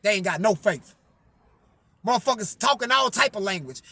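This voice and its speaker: A man's voice: high-pitched, very animated, normal speed, long pauses, sharp tone, breathy edge, no echo. A man telling a personal story in a profane, emphatic way, framing each quote with "I say". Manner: repeats "I say" to frame quotes, emphatic.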